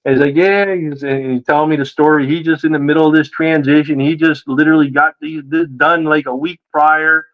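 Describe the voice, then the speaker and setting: A man telling a story in a casual interview, animated and acting out the voices of the people he quotes. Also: on the high side, fairly quick, hardly any pauses, muffled recording. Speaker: guest.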